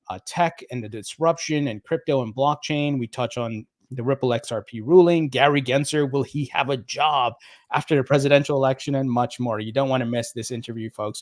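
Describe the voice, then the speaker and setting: A middle-aged man with a New Jersey accent talks in a relaxed, upbeat livestream manner, greeting viewers and chatting with plenty of ums. His pitch sits in a typical male middle range. The sound is dry and close, with no room echo. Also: brisk. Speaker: crypto livestream host. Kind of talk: casual livestream chat reading viewer comments.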